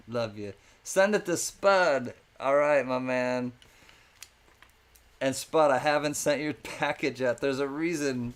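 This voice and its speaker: A man's voice: mid-range voice, clear, resonant tone. A man hosting a live-stream coin auction in a chatty, casual way, thanking viewers by name between calls.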